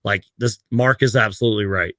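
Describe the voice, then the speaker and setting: A man with a fairly low, fairly bright voice talks a little fast, recorded dry. He hosts a basketball live-stream chat, laid-back and chatty, laughing often.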